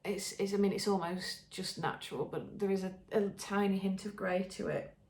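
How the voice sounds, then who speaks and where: A woman's voice: mid-range voice, fairly even intonation, moderate pace, a little mellow. An English woman hosting a podcast, chatting casually and enthusiastically with many ums and restarts. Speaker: podcast host showing knitting. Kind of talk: casual show-and-tell chat. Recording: roomy echo.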